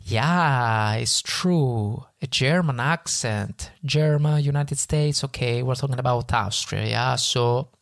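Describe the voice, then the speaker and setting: An Italian man with a marked Italian accent hosts his podcast, retelling a speech and breaking off into halting, filler-heavy asides. His voice sits at an ordinary middle pitch. The sound is dry and close, with no room echo. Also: creaky. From Italy. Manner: halting, many fillers and restarts when speaking off-script. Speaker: podcast host.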